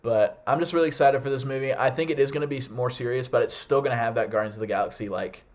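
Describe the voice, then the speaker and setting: A young man hosts a casual podcast in a quick, rushing voice of middle pitch. He is eager and excitable, and he hands the talk to each guest in turn. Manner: enthusiastic, calls on each guest by name. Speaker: podcast host. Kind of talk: casual chat.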